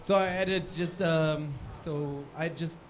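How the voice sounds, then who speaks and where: A man's voice: a little high, fairly even intonation, slow pace, slight background noise. A man co-hosting a podcast from a sports bar, telling a story in casual chat and laughing often. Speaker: podcast co-host.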